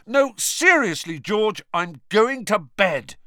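Man putting on a weary teen boy wizard, raised pitch, protesting, dry sound. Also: wildly swooping pitch, takes it slowly, a bit bright, dry recording, heavily acted. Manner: protesting, tired and insistent.

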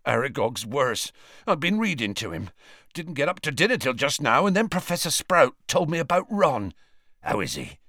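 A man voicing a huge, anxious gamekeeper who talks in a hoarse growl. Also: medium pitch, huge pitch swings, normal speed, bright, forceful tone, no echo, clean studio sound, pitched above the performer's own voice, full character voice. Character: huge gruff male half-giant gamekeeper, anxious.

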